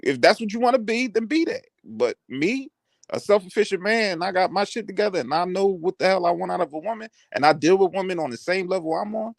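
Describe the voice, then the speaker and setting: A man's voice: high voice, expressive, a little fast, creaky, no echo, clean studio sound. A man hosting a casual live chat, brash and boastful, laughing often.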